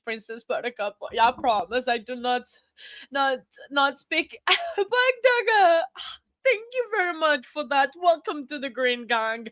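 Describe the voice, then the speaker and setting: A woman talks to her livestream viewers in a high, unhurried voice, choking up with tears and breaking into laughter as she stumbles over her words. Her speech is halting and repetitive. The sound is dry and close, with no room echo. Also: a bit bright. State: crying. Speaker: livestream host. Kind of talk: casual livestream chat with viewers.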